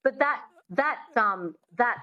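A woman dialect coach from Australia, explaining how to learn an accent and modelling sounds slowly. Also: a little high, animated, muffled recording. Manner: demonstrative, slows down to model sounds. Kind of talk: teaching an accent in an interview.

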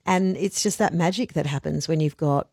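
A woman hosts a radio interview in a conversational way, prompting her guest along. Her voice sits low. The studio microphone gives a dry, close sound. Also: moderate pace, gravelly, darkish tone, slightly rough, no room sound. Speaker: radio host.

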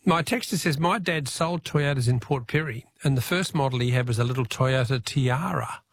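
A man's voice: medium pitch, moderate pace. A man with an Australian accent hosting a talkback radio quiz, chatty, reading out listener texts and taking callers. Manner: chatty, reads texts aloud, laughs easily.

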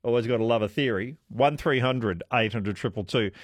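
A man's voice: mid-range voice, normal speed, no room sound. A man hosting talkback radio, chatty and musing questions aloud to listeners. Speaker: radio host.

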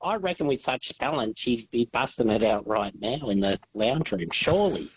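A man's voice: mid-range voice, big pitch swings, moderate pace, slightly rough. A man chatting casually on radio, easygoing and enthusiastic. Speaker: radio guest. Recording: dull lo-fi line.

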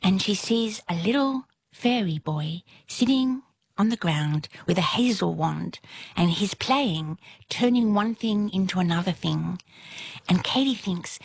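A woman's voice: lowish voice, a little slow, vocal fry, breathy edge. A woman telling a folktale aloud in a dramatic way, often dropping to a whisper for suspense. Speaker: storyteller. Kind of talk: oral folktale storytelling.

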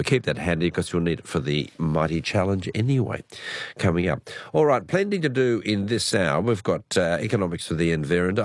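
A man with an Australian accent hosting late-night radio, hoarse from a cold, chatty and correcting himself as he goes. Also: sits low, no echo, clean studio sound. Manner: chatty, self-correcting, relaxed. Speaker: radio host. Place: radio studio. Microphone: studio microphone.

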